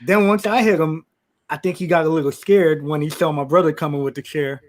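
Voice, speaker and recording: Man co-host, slightly high voice. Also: fairly even intonation, brisk, a little hiss or hum. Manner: profane, laughing retelling with quoted lines. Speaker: podcast co-host. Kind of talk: casual chat.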